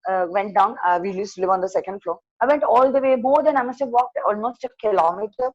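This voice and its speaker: An older woman telling a first-person horror story at an online open mic, acting out the voices of her family and dropping to a hush. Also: medium pitch, quick pace, no echo, highs cut off. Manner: animated, acts out dialogue in a hushed voice. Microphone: video call.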